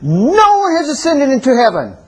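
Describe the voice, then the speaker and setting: A man teaching a Bible class lecture, restarting and correcting himself often, then getting excited and rising sharply in pitch to stress his points. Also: normal speed, rough recording.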